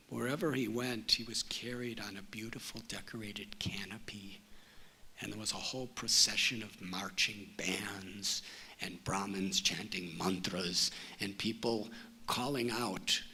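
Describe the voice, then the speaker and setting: A man giving a spiritual talk, telling a story in a slow, measured way. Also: lowish voice, sharp tone, slightly rough. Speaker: spiritual teacher.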